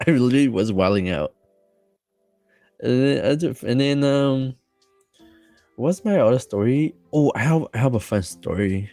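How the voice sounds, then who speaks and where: A man as a podcast guest telling a story casually, rambling and excited, with many fillers and restarts. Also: medium pitch, unhurried, pauses often, no room sound, faint music behind.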